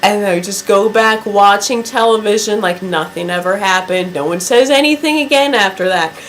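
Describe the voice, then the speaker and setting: A woman vlogger telling a story to camera in a chatty, drawn-out way, with many "like" fillers. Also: mid-range voice, a little hiss or hum, rough recording.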